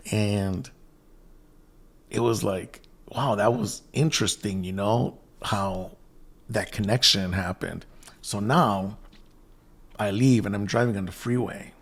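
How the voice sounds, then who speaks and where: Male host, low-ish voice, casual rambling storyteller who quotes himself. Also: steady tone, moderate pace. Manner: rambling, self-quoting with restarts.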